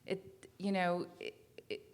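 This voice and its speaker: A woman's voice: on the low side, completely flat delivery, slow pace, clean tone. Woman interviewer asking casual questions. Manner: conversational, restarts questions.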